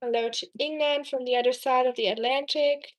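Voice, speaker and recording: A young woman hosting a relaxed cooking live stream from Germany talks a little fast in a high-pitched voice with fairly even intonation. She's chatty, reads her viewers' messages aloud, and says "um" often.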